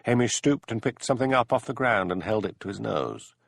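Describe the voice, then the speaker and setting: A man narrating an audiobook in measured storytelling. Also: on the low side, lively intonation, creaky. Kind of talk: scripted narration.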